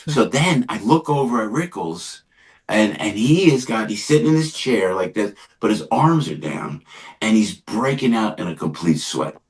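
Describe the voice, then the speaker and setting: An older man speaking as a comedian guest on a podcast, his voice sitting fairly low. He tells backstage stories in an animated, rambling way, restarting sentences and throwing in quick agreements. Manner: animated, lots of yeahs and restarts. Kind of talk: casual chat, storytelling.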